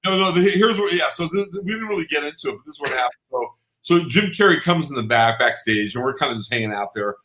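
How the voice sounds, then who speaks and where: A man, a guest photographer, telling stories in casual chat, animated and quick to laugh and exclaim. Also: on the high side, roomy sound.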